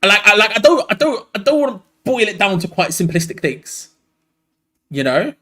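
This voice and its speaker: A man's voice: sits high, very animated, moderate pace, bright, forceful tone. A tired man hosting a live fan watch-along, switching between match commentary and rambling, frank asides.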